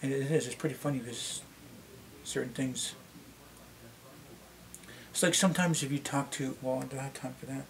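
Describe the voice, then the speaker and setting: A middle-aged man with a Canadian accent and a slightly deep voice, chatting casually to camera and rambling with many restarts. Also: fairly even intonation, moderate pace, gravelly, pauses often. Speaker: vlogger.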